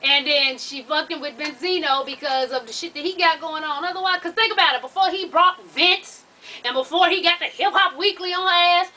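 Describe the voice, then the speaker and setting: A woman's voice: very high-pitched, brisk, sharp tone, distant mic, rough recording. A woman chatting straight to camera, recapping a reality show in a blunt, profane, sassy way, calling her viewers "y'all" and "honey". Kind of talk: casual chat.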